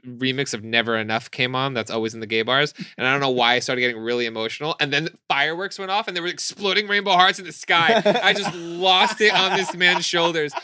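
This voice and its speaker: Bright, animated male podcast co-host. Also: fairly high pitch, quick pace, few pauses, clear, resonant tone. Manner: animated storyteller, swoops up into squealing voices for quotes. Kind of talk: casual chat.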